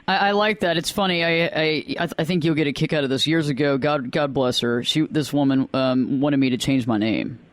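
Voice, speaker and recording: Animated higher-voiced male host. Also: a little fast, hardly any pauses. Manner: lively storyteller, animated. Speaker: radio show host. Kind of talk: casual interview chat.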